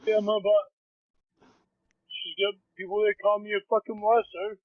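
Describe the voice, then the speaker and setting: A man's voice: high voice, flat delivery, normal speed, no echo. A man ranting angrily and swearing constantly, recorded off a phone call. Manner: angry, profane ranting. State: agitated. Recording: tinny phone-line recording.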